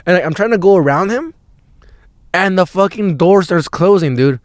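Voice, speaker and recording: A young man hosting a podcast and telling a story in a rambling, profane, excitable way, full of filler words. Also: sits high, moderate pace, no room sound, studio quality. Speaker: podcast host.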